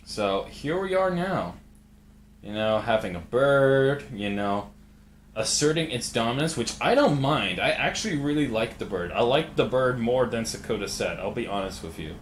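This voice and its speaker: A man's voice: mid-range voice, animated, normal speed, a little hiss or hum. A man hosting a casual live stream, joking around and reading chat messages aloud. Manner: laid-back, jokey, reads chat aloud.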